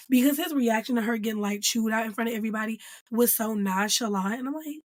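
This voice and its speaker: A woman hosting her own show, recapping a TV episode in a casual, animated and emphatic way. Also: on the high side, fast talker, no echo. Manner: animated and emphatic, acting out characters' lines and calling them "girl". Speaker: host reviewing a TV episode.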